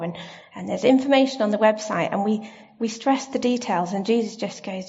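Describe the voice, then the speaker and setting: A woman giving a sermon in a church, gentle and reflective, asking her listeners questions. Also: mid-range voice, brisk, vocal fry, hardly any pauses. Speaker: preacher. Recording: slightly dull lo-fi sound.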